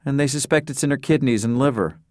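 A man reading the part of a gentle middle-aged wife, speaking in a softly raised voice. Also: mid-range voice, fast, dry recording, clean studio sound, pitched above the performer's own voice, close to an everyday voice. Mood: sad.

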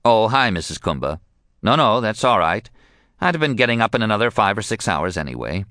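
A man voicing a sleepy, laid-back male witch doctor taking a late-night phone call, in a drowsy deadpan manner. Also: lowish voice, brisk, no echo, clean studio sound, pitched above the performer's own voice.

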